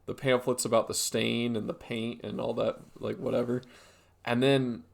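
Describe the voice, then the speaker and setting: A man's voice: mid-range voice, little pitch movement, normal speed, gravelly. A young man co-hosting a podcast, telling a rambling story with lots of fillers in casual chat. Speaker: podcast co-host.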